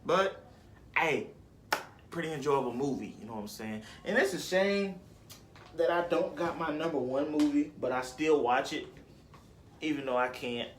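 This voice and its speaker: Speaking at a moderate pace with long pauses, a young man whose voice sits a little high vlogs about his favorite films. He rambles, uses slang, and corrects himself, with slight background noise behind him.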